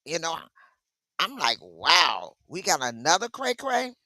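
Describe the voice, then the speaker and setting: Woman streamer, animated and emotional, chatting with viewers; bright voice, dry close sound. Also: sits low, unhurried, creaky, no room sound. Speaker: live stream host reading chat. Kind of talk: casual live stream chat.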